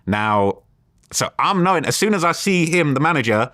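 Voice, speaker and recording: A man with a London accent, an interview guest, retelling a tense encounter in a rambling, animated way. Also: on the high side, moderate pace, dry recording, studio quality. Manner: rambling, animated retelling with quoted back-and-forth. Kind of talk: casual storytelling interview.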